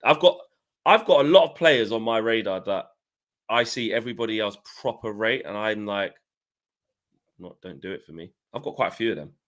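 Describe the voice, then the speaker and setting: A man's voice: lowish voice, a little fast, a bit bright. A man giving laid-back, slangy football opinions as a co-host. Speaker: co-host pundit. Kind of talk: casual football chat.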